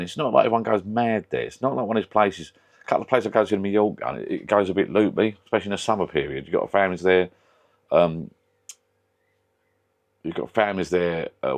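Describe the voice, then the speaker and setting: A man vlogging from his garden shed pub, chatting casually and rambling through tangents with the odd swear word. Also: low-pitched. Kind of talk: casual chat.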